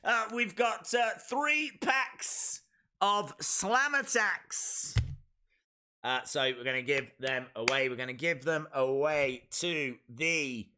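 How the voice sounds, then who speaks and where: Male live-stream host, playful and chatty, bright lively voice, unhurried delivery. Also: a little high, clean tone. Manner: playful, chatty, reads viewer comments. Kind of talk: casual live-stream commentary.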